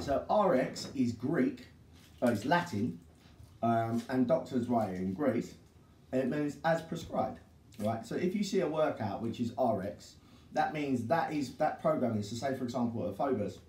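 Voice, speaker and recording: A man in brash, sweary banter, his middle-pitched voice sounding roomy as it bounces around a gym. He talks bluntly and is picked up from a distance. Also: expressive, normal speed, a little mellow. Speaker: podcast co-host. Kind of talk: casual chat. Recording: echoey room, distant mic.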